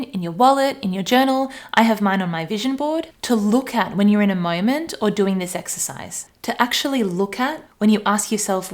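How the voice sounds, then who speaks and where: A woman, giving a chatty coaching talk and playfully acting out examples. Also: medium pitch. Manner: warm-hearted, chatty, acts out voices playfully. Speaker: life coach. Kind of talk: solo coaching talk to camera.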